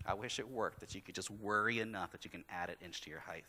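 A pastor preaching a sermon, telling a story about his kids and acting out their lines in lively storytelling. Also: sits low, fast. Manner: animated storytelling, acting out his kids' voices. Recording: long hall reverb.

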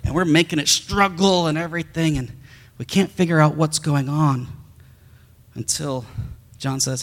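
A man, a pastor, telling a story in a sermon as an animated storyteller who acts out the sounds. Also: a little high, moderate pace, long pauses, long reverb tail.

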